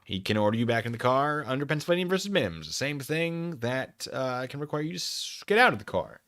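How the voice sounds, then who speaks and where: Animated, bright-voiced male streamer. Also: mid-range voice, a little fast. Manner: joking asides and laughs. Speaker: streamer reacting to a video. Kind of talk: casual live-stream commentary.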